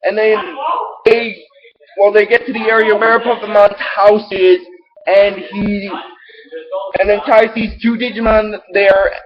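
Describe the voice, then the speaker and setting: A man with a high voice hosts his own recap show, rambling and excitable. He restarts his sentences often in a casual flow. The audio sounds dull and lo-fi. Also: a little slow. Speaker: show host recapping episodes.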